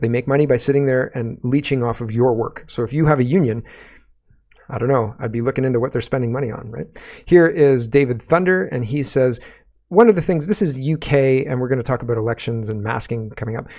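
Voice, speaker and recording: A man's voice: mid-range voice, a little fast, a little mellow. A man hosting a political commentary show, sarcastic and rambling, often tagging his points with a rhetorical question.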